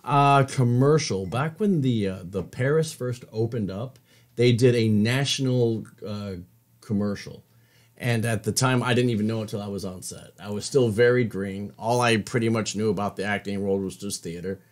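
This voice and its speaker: Low-voiced male actor guest. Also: normal speed. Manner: modest, hesitant. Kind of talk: interview answers.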